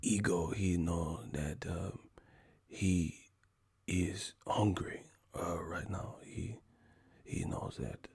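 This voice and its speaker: A man doing a whispered role-play of a soft-spoken, emotionless male boxer in a slow, hushed, halting mumble. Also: low voice, fairly even intonation, breathy edge, dry recording, clean studio sound, voice pushed down, heavily acted.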